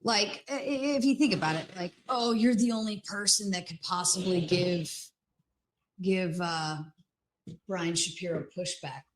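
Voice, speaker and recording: A woman's voice: fairly low pitch, measured pace, rough recording. A woman talking casually in a rambling, teasing way with many fillers. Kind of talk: casual chat.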